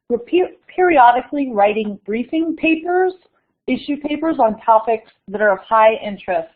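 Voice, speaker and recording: Woman on a tinny phone line. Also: a little high. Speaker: webinar moderator. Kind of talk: scripted webinar introduction. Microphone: conference call line.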